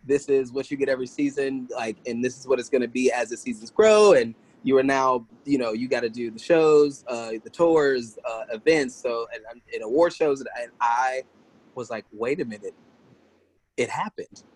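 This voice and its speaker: A man chatting as a podcast guest, telling stories in a loose, conversational way. He slips into other people's voices as he retells events and laughs easily between lines. His speaking voice sits at a middling pitch. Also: moderate pace, husky, poor audio. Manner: animated, acts out quoted voices, laughs often. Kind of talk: casual storytelling interview.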